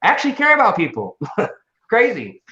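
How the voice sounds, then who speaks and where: A man with a fairly high voice who rambles and swears as he co-hosts a casual livestream. He talks excitably, jumping from thought to thought. His voice comes through dull, lo-fi stream audio in a roomy space. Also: normal speed. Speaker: livestream co-host.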